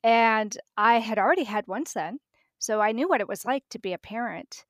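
Middle-aged woman, podcast guest, lively storyteller who plays out conversations, slightly high voice. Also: moderate pace, no room sound, studio quality. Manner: vivid storytelling, acting out dialogue.

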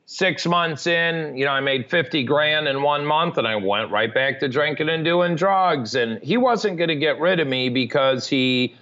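A man's voice: on the high side, normal speed, hardly any pauses, sharp tone, dull audio. A man telling his life story frankly and matter-of-factly as a podcast guest. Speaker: podcast guest, recovery advocate. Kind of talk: candid storytelling interview.

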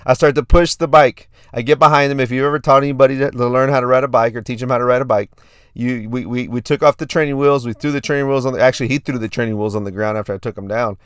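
A man's voice: medium pitch, fairly even intonation, fast talker, clear, resonant tone, no room sound, clean studio sound. A man in his thirties hosting a fitness podcast, telling a story in a hyped, repetitive way. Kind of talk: casual podcast monologue.

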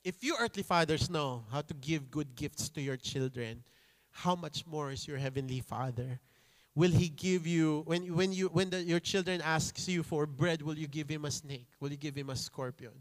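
A man preaching a sermon, slow and emphatic, slipping Tagalog phrases into his English. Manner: voices pleading children in a high voice.

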